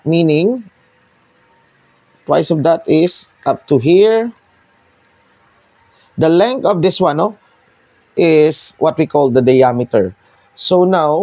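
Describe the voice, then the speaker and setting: A young man with a Filipino accent teaching a math lesson, explaining step by step with pauses as he switches between languages. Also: fairly high pitch, a little mellow, no echo.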